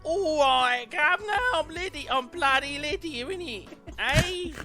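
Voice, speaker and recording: A man doing a high, exaggerated impression of a cheeky young woman with a mock London accent, teasing a friend. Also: measured pace, pushed and bright, soft background music, full character voice. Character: brash cockney-style young woman, cheeky.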